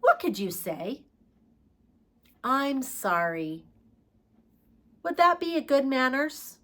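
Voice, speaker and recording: A woman teaching a preschool lesson, asking the children questions in a slow, sing-song way and singing short songs. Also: high-pitched, big pitch swings, a bit bright.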